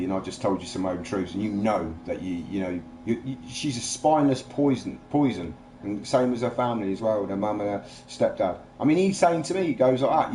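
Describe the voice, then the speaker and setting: A man's voice: on the low side, fairly quick, hardly any pauses, dark tone. A man in casual chat, rambling and agitated, swearing freely as he vents. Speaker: livestream host.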